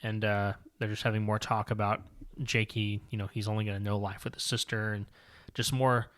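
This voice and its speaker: A man's voice: on the low side, little pitch movement, brisk, fairly bright tone. A man co-hosting a comic book podcast, casually recapping and reading panels aloud in a long-winded, rambling way. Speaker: podcast co-host.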